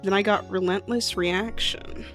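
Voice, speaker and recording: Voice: medium pitch, steady tone, a little slow, a bit bright, faint music behind. Hesitant tabletop player. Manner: hesitant, explaining with fillers. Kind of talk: casual tabletop game talk.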